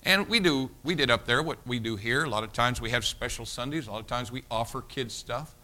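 A pastor telling a story in a sermon, folksy, repeating his words and swinging from loud emphasis to hushed tones. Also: medium pitch, fairly quick.

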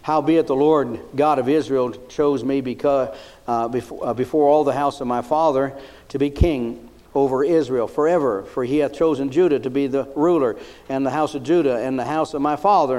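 Emphatic preacher, man. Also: medium pitch. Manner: repetitive, emphatic preaching with rising shouts. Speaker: pastor. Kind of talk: sermon.

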